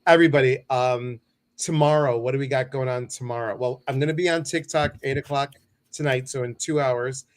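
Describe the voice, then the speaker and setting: A man's voice: mid-range voice, steady tone, a little fast. Playful man hosting a livestream. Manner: playful, joking, flustered. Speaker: host. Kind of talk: casual livestream talk.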